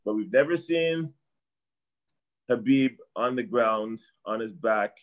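Taking it slowly, a middle-aged man from Canada speaks in an expressive mid-range voice. He's a martial arts trainer chatting as a guest in casual sports conversation, rambling and repeating himself before drifting off with "I don't know."

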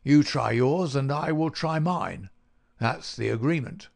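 A man's voice: medium pitch, unhurried, vocal fry, pitched above the performer's own voice. A man voicing a shrewd, stubborn police inspector who speaks in guarded, sly replies.

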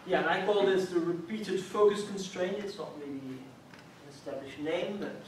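A man giving an academic colloquium talk, explaining step by step and checking in with "right?". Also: high voice. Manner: measured, explanatory, frequent "right?" check-ins. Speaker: lecturer. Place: lecture room. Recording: echoey hall, mic far off, faint hiss.

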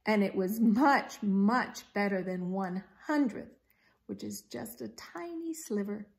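A woman reading a children's picture book aloud as a teacher, expressive and pausing to ask her young listeners questions. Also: mid-range voice, creaky. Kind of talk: children's story read-aloud.

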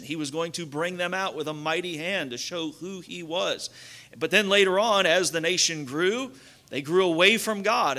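A man's voice: a little high, pushed and bright. A man with a Kentucky accent preaching a sermon as pastor, reading scripture and telling folksy stories with acted-out voices.

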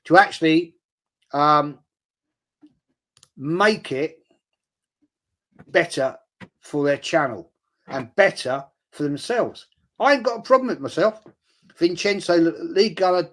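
A middle-aged man talking bluntly on a livestream, reading out viewer comments between his opinions. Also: a little high. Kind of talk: casual livestream chat.

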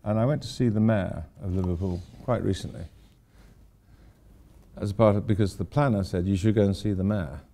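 A man's voice: on the low side, brisk, warm tone. An older man, an architect giving an informal lecture, rambling through anecdotes with wry asides.

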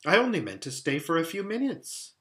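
A man's voice: a little high, wildly swooping pitch, a little fast, a bit bright. A man voicing a kind, earnest young girl in a storybook reading, pleading and anxious. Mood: worried.

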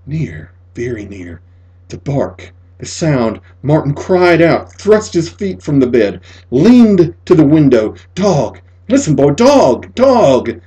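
A man reading a spooky short story aloud, dramatic, dropping to near-whispers and rising to loud cries. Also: a little high, sing-song, slow, breathy edge, rough recording. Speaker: audiobook reader.

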